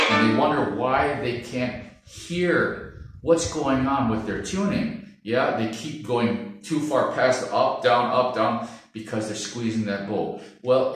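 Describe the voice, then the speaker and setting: A relaxed male string teacher talks through his lesson in a loose, chatty way and keeps checking in with "okay?" and "yeah?". His voice carries a lot of room echo, because the mic sits some distance away. A faint hum of ambience runs underneath. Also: lowish voice. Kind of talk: casual instructional talk to camera.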